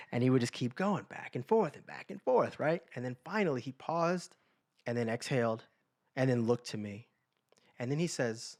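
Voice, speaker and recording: A man's voice: medium pitch, moderate pace. A man co-hosting a podcast, telling personal stories in a casual chat and acting out the people he quotes. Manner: animated storyteller acting out quoted voices. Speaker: podcast co-host.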